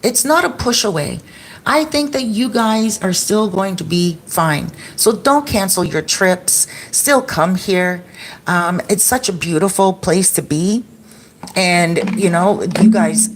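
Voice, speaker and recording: Chatty lower-voiced woman telling stories. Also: a little slow, slight background noise. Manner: chatty, animated retelling with acted-out quotes. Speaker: expat vlogger. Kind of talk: casual storytelling to viewers.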